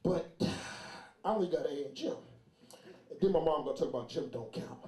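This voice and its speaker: A man doing a loud, animated stand-up comedy set, telling stories and shouting some bits. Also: a little high, moderate pace. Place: comedy club stage. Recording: roomy club with crowd. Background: audience laughter.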